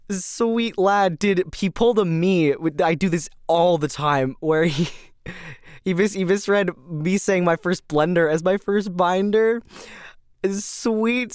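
A fairly high, smooth male voice spills over with excitement in a casual podcast ramble. He gushes, laughs often and piles up fillers and restarts. The sound is dry and close. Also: takes it slowly, no echo. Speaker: podcast host.

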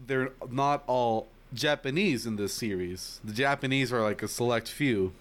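A man's voice: mid-range voice, normal speed. A young man in casual chat, teasing his friends, swearing freely and laughing often.

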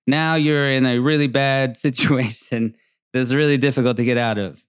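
A man chatting casually as a podcast co-host. His voice is smooth and clear at a middle pitch, and he rambles through animated stories with plenty of fillers. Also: normal speed, no echo, studio quality. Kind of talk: casual chat.

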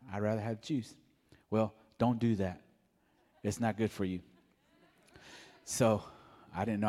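A man giving a mellow, soft-spoken personal testimony at church. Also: fairly low pitch, big-room sound. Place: church sanctuary.

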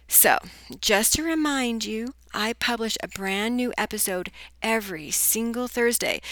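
A middle-aged woman who hosts a business podcast and works as a business coach reads a scripted intro in an upbeat, sing-song way before launching into an interview. Her medium-pitched voice is bright and forceful, and the recording is dry.

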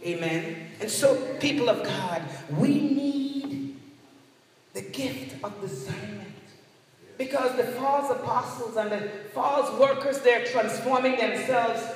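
A man's voice: extremely high pitch, slow pace. A man preaching a sermon to a congregation, emphatic and repeating key words for effect. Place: church sanctuary. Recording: echoey church hall, distant mic.

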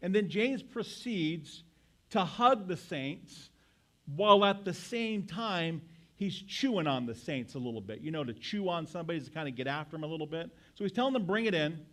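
A man's voice: fairly high pitch, animated, moderate pace, a bit bright. A male pastor preaching a sermon to his congregation, emphatic and full of rhetorical questions.

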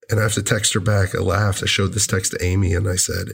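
Man, husky, fairly low voice, earnest halting personal storytelling, repeats words. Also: steady tone.

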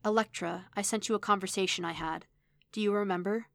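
A woman voicing a hushed male android. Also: mid-range voice, fairly even intonation, a little fast, vocal fry, dry recording, clean studio sound. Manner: hushed, near-whispered. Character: soft-spoken male android, earnest and guarded.

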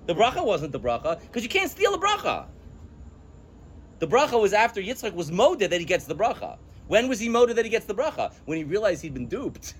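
A man's voice: high voice, big pitch swings, brisk, a little hiss or hum. A man teaching a class on scripture, emphatic, weaving quoted verses into his explanations and laughing at his own points. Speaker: religious studies teacher. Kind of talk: text-study lecture with a class.

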